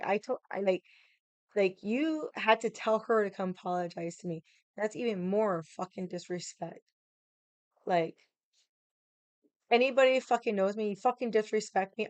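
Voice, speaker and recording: At home with the AC running, a woman vlogger tells a casual story in a blunt, profane, heated way. Her voice is medium-pitched with no echo.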